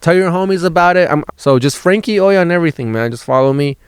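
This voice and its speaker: A man's voice: a little high, animated, fast, clear, resonant tone, no room sound, studio quality. A man, a stand-up comedian on a road trip, telling a rambling story in a casual, profane way, often restarting his words and laughing as he goes.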